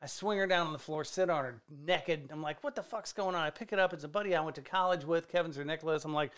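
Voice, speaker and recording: A man, a stand-up comedian, telling a rambling profane story on a casual podcast with excitable energy. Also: fairly high pitch, fast talker. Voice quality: gravelly, excitable, swears freely.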